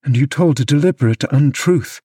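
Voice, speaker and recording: A man reading an audiobook, voicing a meek young gentleman who speaks in a subdued, hurt way. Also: medium pitch, brisk, breathy edge, dry recording, studio quality, voice pushed up, close to an everyday voice.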